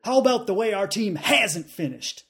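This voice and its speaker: A man's voice: high voice, expressive, normal speed, a bit bright, pitched above the performer's own voice. A man doing a defiant Southern football coach. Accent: put-on Southern.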